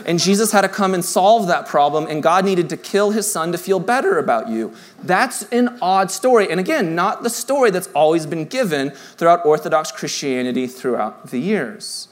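A pastor with a notably high voice preaches to his congregation in a conversational, personal style. On the tender lines, he drops into a soft, hushed delivery.

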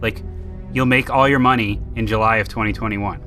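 A man hosting a casual film podcast, blunt and quick to laugh, swearing freely. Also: on the low side, fairly even intonation, music in the background. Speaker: podcast host.

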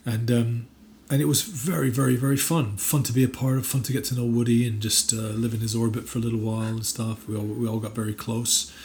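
A man's voice: medium pitch, little pitch movement, brisk, few pauses, a little mellow. A man being interviewed as an actor, chatting casually with many fillers and restarts and bursts of emphatic enthusiasm. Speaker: actor guest.

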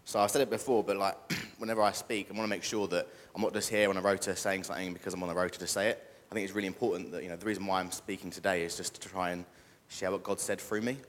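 A man's voice: sits low, steady tone, racing, few pauses. A young British man preaching a casual sermon and joking with the congregation. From Britain. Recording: echoey church hall.

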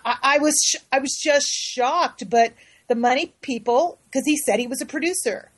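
A woman guest on a radio show, telling a story with animated, halting restarts. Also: high-pitched, slightly rough, low-quality recording. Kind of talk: casual radio talk.

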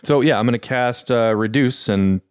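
A man playing a tabletop game, reading a spell description aloud in a steady way. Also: mid-range voice, moderate pace, smooth, no echo, clean studio sound. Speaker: player.

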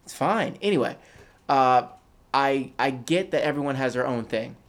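A man's voice: mid-range voice, lively intonation, moderate pace. A man co-hosting a casual chat, opinionated and rambling with lots of restarts. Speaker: podcast co-host.

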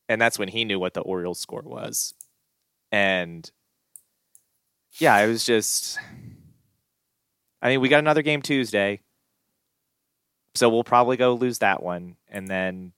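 A man's voice: fairly low pitch, unhurried, long pauses, a bit bright, smooth, no room sound, clean studio sound. A man co-hosting a casual sports podcast, ranting in an exasperated, gloomy way with sighs and restarts. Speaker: podcast co-host.

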